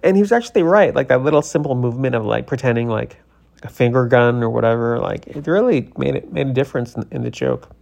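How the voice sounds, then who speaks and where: A man's voice: medium pitch, animated, fast talker, vocal fry, darkish tone, highs cut off. A tired man casually telling a story to his vlog audience, rambling with many fillers and restarts. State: tired, yawning.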